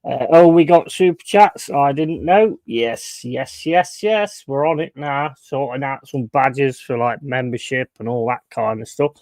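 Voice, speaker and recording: A man's voice: medium pitch, unhurried, hardly any pauses, a little mellow, no room sound. Joking man chatting to his stream. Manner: rambling, jokey banter with chat, swears casually. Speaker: livestream host. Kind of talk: casual livestream chat.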